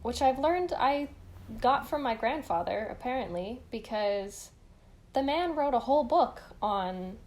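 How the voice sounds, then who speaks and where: Chatty woman podcast co-host, fairly high voice. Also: lively intonation, measured pace, darkish tone. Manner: chatty, laughs often, swears casually. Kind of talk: casual chat.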